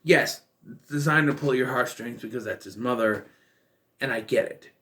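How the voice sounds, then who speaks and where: A man's voice: mid-range voice, normal speed, fairly bright tone. A man in his thirties giving a casual, exasperated and blunt film review, with bursts of profanity. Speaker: movie reviewer.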